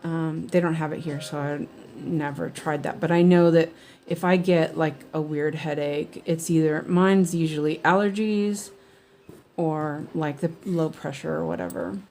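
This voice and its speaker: A woman's voice: low voice, fairly even intonation, a little slow, gravelly, darkish tone, soft background music. A woman chatting casually while she cross-stitches at home, rambling with lots of fillers and restarts. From United States.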